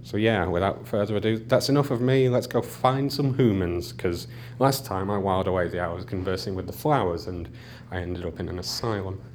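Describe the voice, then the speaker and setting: A man's voice: low-pitched, a little fast, noisy background. A young man with a Liverpool accent, a podcast correspondent joking dryly and mocking himself. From England. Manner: dry, self-mocking. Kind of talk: joking interview chat.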